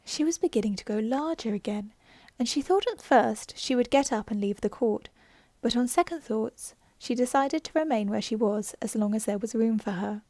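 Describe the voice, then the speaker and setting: A woman narrating a storybook audiobook in a gentle, hushed ASMR reading style. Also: fairly high pitch, normal speed, no room sound.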